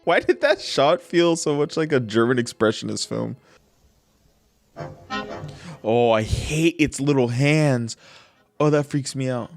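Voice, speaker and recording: A man's voice: mid-range voice, measured pace, gravelly, long pauses, faint music behind. A man hosting a casual movie reaction, joking and laughing, recorded close to a studio mic. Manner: animated, joking, lots of laughs. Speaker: reaction video host.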